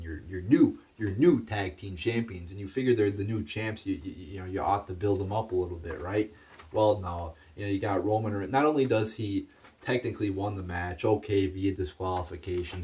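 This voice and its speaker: A man's voice: low-pitched, a little mellow, far from the mic, slight background noise. A man giving a casual, profane, exasperated review of a wrestling show, stumbling and restarting as he rants.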